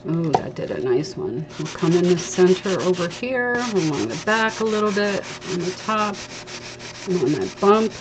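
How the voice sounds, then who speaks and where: A woman's voice: fairly low pitch, animated, moderate pace. A woman hosting a live crafting stream, chatting casually and explaining each step as she sands a piece. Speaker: craft livestream host. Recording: dull lo-fi livestream audio with faint hiss.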